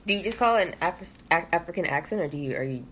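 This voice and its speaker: A woman co-hosting a casual podcast over a meal, giving short, low-key replies. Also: animated, quick pace, fairly bright tone, slight background noise. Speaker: podcast co-host. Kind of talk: casual chat while eating.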